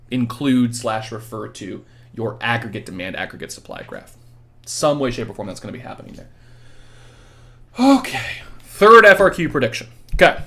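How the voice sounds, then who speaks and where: Fielding questions from viewers he names one by one, a young adult male economics teacher gives a casual exam-review livestream. He speaks quickly and chattily in a mid-range voice, though hours of talking have left him tired.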